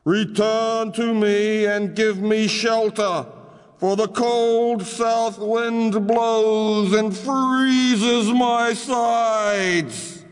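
A man's voice: sits high, steady tone, smooth, in a large hall, pitched above the performer's own voice. A man doing a pleading, shivering mountain brother. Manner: slow, pleading. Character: lonely, pleading male mountain, cold.

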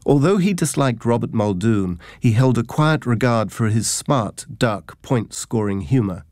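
A man's voice: medium pitch, a little mellow, dry recording. A man giving scripted narration of humorous memoir anecdotes, in a wry, dry, self-mocking storytelling manner.

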